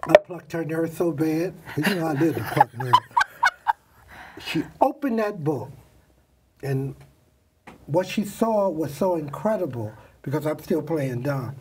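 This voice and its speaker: An older man, a makeup artist guest, telling animated stories in an interview and acting out the voices of the people in them. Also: a little high, measured pace, distant mic, background noise. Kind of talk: storytelling interview.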